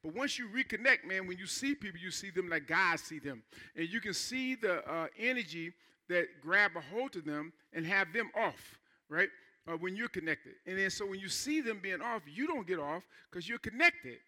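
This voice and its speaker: High, bright-toned conversational preacher man. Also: animated, moderate pace. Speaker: pastor. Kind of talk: sermon.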